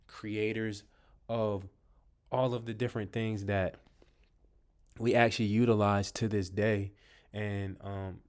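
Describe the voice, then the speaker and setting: A man with a fairly low voice talks casually to his viewers about books he loves. He rambles, fills pauses with ums and restarts his sentences. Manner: addresses viewers as "you guys". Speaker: vlogger reviewing books. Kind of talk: casual talk to camera.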